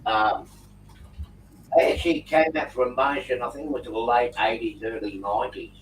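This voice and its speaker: A man's voice: medium pitch, moderate pace. Man spinning a yarn on a video call. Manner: animated yarn-spinner, prankster humor. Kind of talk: casual video call chat, storytelling. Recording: roomy, distant mic with faint noise.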